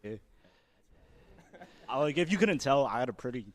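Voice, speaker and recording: A man's voice: medium pitch, normal speed, in a large hall. A young man with a Philadelphia accent, introducing himself casually to a class and filling his speech with "like". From South Philadelphia. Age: young adult. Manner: relaxed, lots of "like". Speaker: student. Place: lecture hall.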